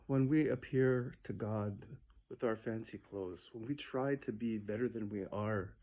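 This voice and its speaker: A man's voice: on the low side, unhurried. A man preaching a sermon built around a parable, earnest and conversational, often restarting his sentences, on a dull lo-fi recording.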